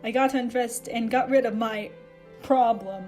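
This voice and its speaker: A woman reading fan fiction aloud, expressive, with sarcastic asides. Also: on the high side, a little slow, faint music behind. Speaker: reader.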